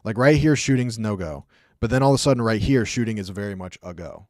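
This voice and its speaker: A man's voice: fairly low pitch, animated, fast talker, a little mellow, no room sound, clean studio sound. A young man streaming, casually talking through hockey clips in a chatty, rambling way with lots of fillers. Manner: chatty, rambling, acts out sounds, many fillers. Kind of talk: casual commentary.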